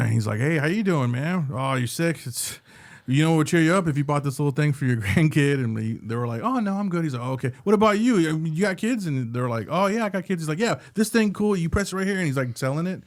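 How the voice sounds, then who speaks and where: A man spins a story on a casual podcast. He acts out each person he quotes by jumping his pitch up, and he swears freely. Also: animated, quick pace. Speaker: podcast co-host.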